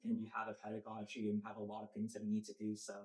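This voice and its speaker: A man's voice: fairly low pitch, monotone, rapid-fire. A young man in the audience, earnestly thanking the speaker and then asking a question, with many fillers. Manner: earnest and grateful, soft, with fillers. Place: lecture hall. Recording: echoey hall.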